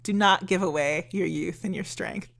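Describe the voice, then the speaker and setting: A woman's voice: fairly low pitch, fairly even intonation, normal speed, creaky, fairly bright tone. Wry woman in her thirties. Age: 30s. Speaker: podcast host. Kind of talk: casual book discussion.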